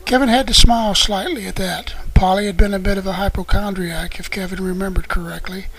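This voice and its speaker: Male audiobook narrator, high-pitched, steady unhurried storytelling read. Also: rough recording. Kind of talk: scripted narration.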